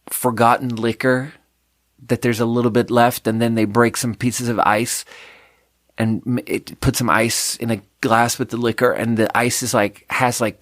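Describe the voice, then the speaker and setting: Man, podcast host, rambling, self-deprecating, middle pitch, dry sound. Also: dry recording. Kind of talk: casual solo podcast chat.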